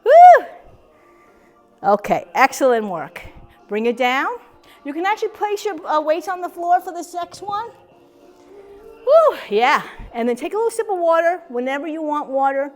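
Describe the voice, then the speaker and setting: Fitness instructor, woman, high voice, encouraging, whooping, slightly winded. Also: sing-song, fairly quick, faint music behind. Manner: upbeat, encouraging, with cheering whoops. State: slightly out of breath. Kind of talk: guided chair exercise class. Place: senior center hall.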